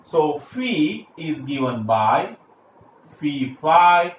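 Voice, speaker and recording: Male lecturer, a touch higher voice, talks through steps with fillers; roomy recording with light hiss. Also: very animated, drawn-out words. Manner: explains step by step with frequent fillers and restarts. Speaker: engineering lecturer. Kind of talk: classroom lecture. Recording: echoey room, faint background hiss.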